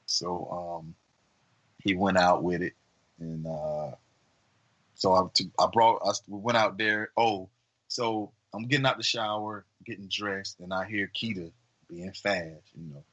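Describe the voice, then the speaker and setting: A man co-hosting a podcast, telling a long story in a casual, rambling way with many fillers and lively acted-out voices. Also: low-pitched, measured pace, low-quality recording. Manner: animated, acts out quoted voices. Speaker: podcast co-host.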